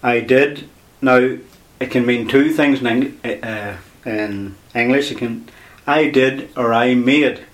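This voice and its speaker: A man's voice: medium pitch, slow. A man teaching a language lesson on air, explaining patiently step by step and repeating key words.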